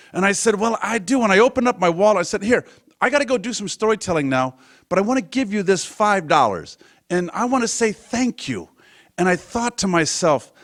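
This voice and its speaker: Lively male storyteller acting out dialogue. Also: high voice. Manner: conversational, acts out dialogue with lively shifts. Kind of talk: live personal storytelling. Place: museum event stage.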